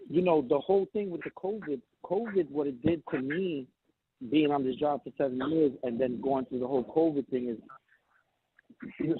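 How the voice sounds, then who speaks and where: A man's voice: fairly high pitch, husky. A man calling in while riding a train, talking bluntly and swearing, acting out what others said. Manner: blunt, swearing, tells stories with quoted voices. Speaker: caller. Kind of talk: casual call-in chat. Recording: tinny phone line. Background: train noise.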